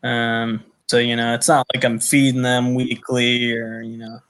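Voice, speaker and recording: A man's voice: mid-range voice, monotone, a little slow, fairly bright tone. A man talking as a podcast guest, in a mid-range voice. He rambles, pads his sentences with fillers, and drifts from one thought to the next. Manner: rambling, filled with "you know" and "uh". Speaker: podcast guest, snake keeper. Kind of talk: casual chat.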